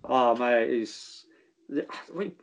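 A man's voice: medium pitch, expressive, drawn-out words. A man, a former footballer telling stories in casual chat, swearing freely and calling people mate. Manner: laddish, swears freely, says mate and geezer.

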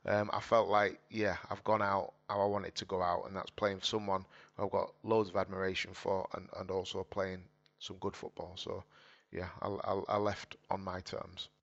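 Earnest low-voiced man. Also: little pitch movement, moderate pace, gravelly, fairly bright tone. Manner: earnest, emotional, repeats phrases and quotes his dad. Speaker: guest, former footballer turned boxer. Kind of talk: candid conversational storytelling. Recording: dull lo-fi audio.

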